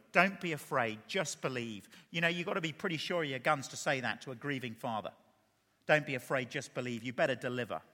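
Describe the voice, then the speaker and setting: A man delivers a sermon from the front of a church, with a high and bright voice. He preaches in an animated way and keeps putting rhetorical questions to the congregation. His voice carries a long reverb through the hall.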